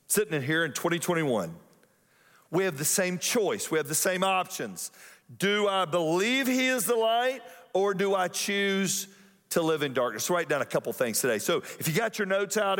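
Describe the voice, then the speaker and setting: A man's voice: high-pitched, fairly bright tone, big-room sound. A male pastor giving a sermon in a church, conversational and joking, often putting questions to the congregation. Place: church auditorium.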